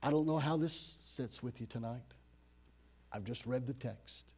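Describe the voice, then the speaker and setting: A man preaching a sermon dramatically, rising to loud emphasis and dropping to hushed, low phrases. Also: a little slow, husky.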